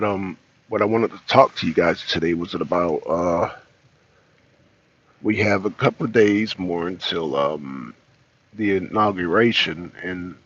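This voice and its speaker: Male host, slangy and full of fillers, lowish pitch, lo-fi phone sound. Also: a bit bright, slightly rough. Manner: rambling, loose and slangy, many fillers. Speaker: political talk show host. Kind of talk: casual solo vlog commentary. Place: at home and in his car, garage.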